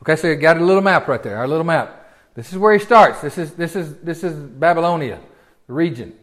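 A man's voice: fairly high pitch, expressive, brisk, a bit bright. Folksy preacher man. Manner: folksy, conversational, many rhetorical questions. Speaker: pastor. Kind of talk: sermon Bible teaching.

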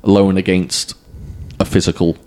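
A man's voice: deep voice, little pitch movement, moderate pace, a little mellow. A man with a non-rhotic English accent talking casually and bluntly about films as a podcast co-host. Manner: blunt, candid, swears casually. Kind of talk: casual film chat.

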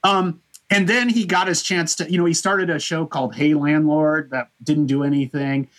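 A podcast host casually rambles through a historical overview, full of "you know" fillers and restarts. His voice is a little high and fairly bright, with a steady tone and moderate pace.

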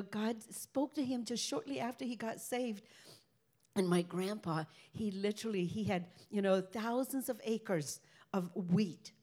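An older woman giving a rambling, halting personal faith testimony as a ministry speaker. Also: mid-range voice, dark tone.

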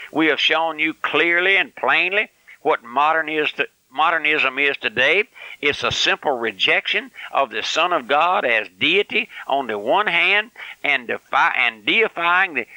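Old country preacher on the radio, folksy and fired up, real bright edgy voice, dry sound. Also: male voice, fairly high pitch, dry recording, low-quality recording. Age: older. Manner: folksy, fiery preaching with emphatic repetition. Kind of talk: radio sermon.

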